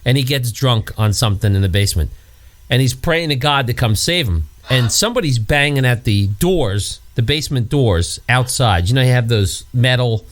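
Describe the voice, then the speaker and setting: Lively, rambling man telling stories. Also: normal speed. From New York area. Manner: rambling storyteller, swears, acts out scenes in high put-on voices. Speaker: podcast co-host. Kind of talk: casual chat.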